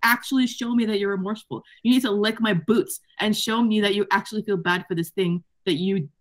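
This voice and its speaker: Animated, profane woman chatting about books. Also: mid-range voice, fairly quick. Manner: animated, profane, laughs often, acts out quotes. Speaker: podcast co-host. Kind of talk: casual book club chat.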